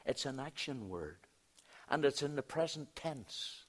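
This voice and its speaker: A man preaching a sermon as a pastor, telling a story in a storytelling way, hushing his voice and then rising for emphasis. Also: mid-range voice, lively intonation, measured pace.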